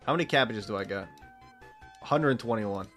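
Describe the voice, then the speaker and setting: A man's voice: lowish voice, lively intonation, normal speed, fairly bright tone, soft background music. A man from Texas giving casual, rambling gameplay commentary as a streamer, swearing freely and laughing often.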